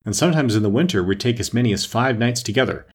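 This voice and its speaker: Bossy storybook queen, high and commanding, a male reader putting her on; husky edge. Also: lively intonation. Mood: domineering. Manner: brisk, commanding, scolding. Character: bossy imperious adult female queen.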